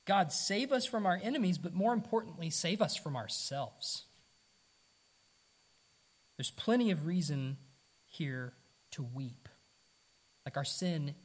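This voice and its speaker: A man's voice: a little high, husky. A man preaching a conversational sermon to his congregation, earnest, asking rhetorical questions and repeating himself. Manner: repeats words, casual asides. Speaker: pastor.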